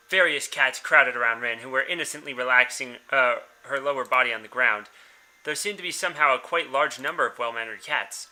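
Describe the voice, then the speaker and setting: A man's voice: mid-range voice, brisk, bright, forceful tone. A young man hosting a let's-play, reading a visual novel aloud and commenting in a casual, blunt way, swearing freely.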